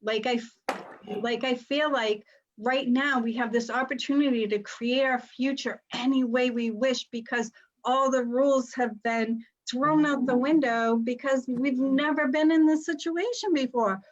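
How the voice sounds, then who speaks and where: A woman's voice: sits high, fairly even intonation, measured pace, lo-fi sound. Chatty upbeat woman hosting a live panel. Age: middle-aged. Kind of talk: casual panel talk.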